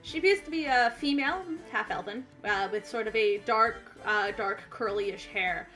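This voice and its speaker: A woman's voice: medium pitch, normal speed, a bit bright, faint music behind. A woman narrating as game master of a tabletop game, hesitant and full of fillers.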